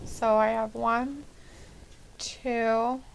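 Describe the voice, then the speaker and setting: A woman's voice: a little high, little pitch movement, extremely slow, a little hiss or hum, rough recording. A woman co-hosting a live wrestling watch-along in casual chat, laughing often and reading chat comments aloud.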